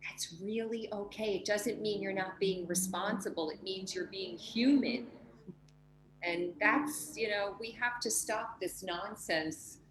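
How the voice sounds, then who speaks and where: A woman's voice: mid-range voice, a little slow, echoey room, slight background noise, rough recording. A woman hosting a heartfelt spiritual conversation over a video call, speaking emotionally and acting out inner voices. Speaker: host.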